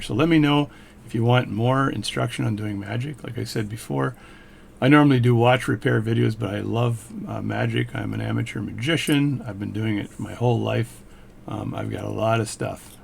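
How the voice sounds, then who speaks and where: A man's voice: medium pitch, gravelly, slight background noise. A man, an amateur magician, casually teaching a coin trick step by step as he demonstrates. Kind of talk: casual hands-on tutorial.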